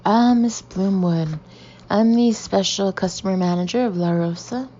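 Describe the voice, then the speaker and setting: A woman voicing a posh, smooth-talking male store manager, measured and coolly formal. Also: mid-range voice, mellow, lo-fi sound, slight background noise, natural voice. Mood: courteous.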